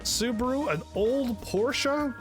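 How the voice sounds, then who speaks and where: A man hosting a let's play, reading game text aloud and reacting with excited, sarcastic commentary. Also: extremely high pitch, takes it slowly. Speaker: gaming channel host. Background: faint game music.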